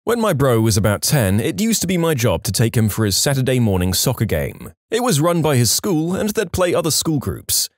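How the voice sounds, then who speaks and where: A man narrates reddit stories as a scripted read, moving briskly and timing his punchlines. His pitch is animated, and the recording is close and dry with no room sound.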